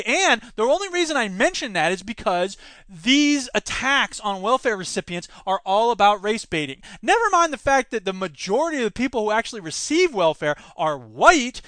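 A man hosting a solo political podcast, talking in an animated, sarcastic way and mocking others in put-on voices. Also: high voice, no room sound. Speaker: podcast host.

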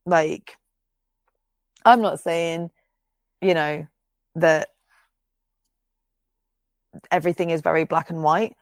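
A woman's voice: deep voice, steady tone, slow pace, pauses often, no room sound. A woman, co-hosting a podcast in casual chat, swearing freely and laughing often as she tells stories. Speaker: podcast co-host.

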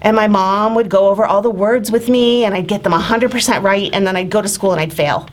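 A woman with a New Jersey accent co-hosting a podcast, telling stories in a casual, animated way and laughing often. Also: mid-range voice, fairly quick. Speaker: podcast co-host. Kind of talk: casual chat.

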